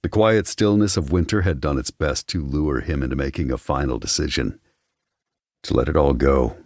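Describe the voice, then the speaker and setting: A man giving measured, wry scripted narration of an audiobook on a close studio mic. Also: a bass voice, a little mellow, dry recording.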